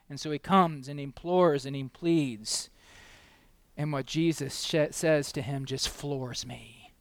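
A male preacher with a high, smooth, resonant voice delivers an impassioned sermon at a moderate pace, recorded dry and close. He peppers the congregation with rhetorical questions and acts out the people in his story. His delivery climbs to loud, emphatic peaks and drops to hushed asides.

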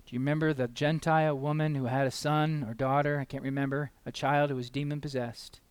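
A man preaching a sermon with passion, questioning his listeners again and again and swinging from loud emphatic peaks down to quiet asides. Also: medium pitch, little pitch movement, a little fast, smooth, dry recording. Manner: asks the listeners many rhetorical questions; acts out the voices of people in the story.

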